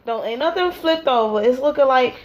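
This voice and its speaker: At home during her child's naptime, a mom vlogger tells a rambling, funny story, acting out scenes with silly voices and sound effects. Her voice sits high and her delivery is brisk and animated, though the audio sounds dull.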